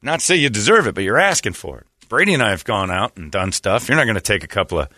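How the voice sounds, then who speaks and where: Animated low-voiced man, mocking banter. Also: fast, no room sound, studio quality. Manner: mocking, jumps into high falsetto voices for the people in his stories. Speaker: podcast co-host. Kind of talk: casual comedic chat.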